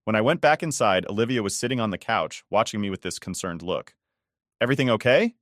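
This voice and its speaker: A man in his forties tells a first-person story in a low, weary voice with a resentful edge. The recording is close and dry, with no room sound at all. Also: lively intonation, fast talker, a bit bright, no room sound. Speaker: story narrator.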